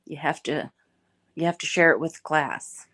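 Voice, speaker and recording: A woman's voice: sits low, a little slow, fairly bright tone. A middle-aged woman hosting a casual live chat, greeting viewers by name and chatting in a laid-back way. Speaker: livestream host.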